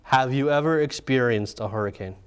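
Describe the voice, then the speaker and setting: A man reads viewer questions aloud in a relaxed talk show. His voice sits at an ordinary middle pitch. He drops wry, deadpan jokes between the questions. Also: brisk, clear, resonant tone. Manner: dry, wry straight man. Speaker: co-host reading questions. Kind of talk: joking Q&A banter.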